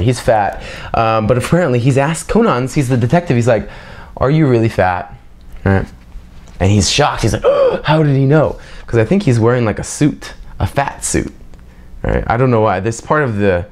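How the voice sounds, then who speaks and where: A man's voice: lowish voice, a little mellow. A young man giving an unscripted, casual language lesson, rambling loosely with self-mocking jokes and constantly checking in with "right?". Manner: keeps checking in with a tag "right?". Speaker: language teacher.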